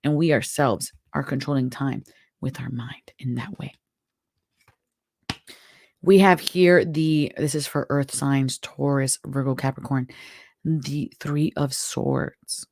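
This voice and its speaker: A tarot reader hosts a live stream, offering chatty, encouraging spiritual advice even though her throat sounds strained and worn out. Her mid-range voice is slow, slightly mellow, and marked by vocal fry.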